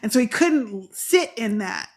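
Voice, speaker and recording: A woman's voice: on the high side, animated, unhurried. A woman hosting a casual fan podcast, chatting animatedly and acting out characters' lines. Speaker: podcast host.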